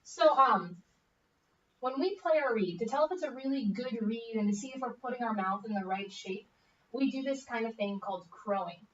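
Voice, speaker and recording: A woman's voice: a little high, expressive, normal speed, fairly bright tone, a little hiss or hum. Upbeat young woman coaching a music student. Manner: upbeat, coaching with frequent okay checks. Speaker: bassoon teacher. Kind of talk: encouraging one-on-one music lesson. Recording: echoey, distant, dull room audio.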